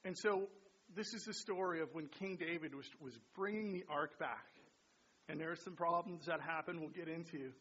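A man's voice: fairly high pitch, moderate pace, bright, forceful tone, husky. A man preaching a sermon and praying aloud, chatty and casual, often checking in with "right?" and "you know". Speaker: pastor. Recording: dull lo-fi sound.

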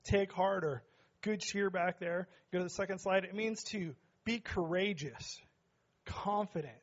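A middle-aged man preaching a sermon as pastor in a church, joking with the congregation and building to shouts. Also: sits high, a little slow, muffled recording. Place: church sanctuary.

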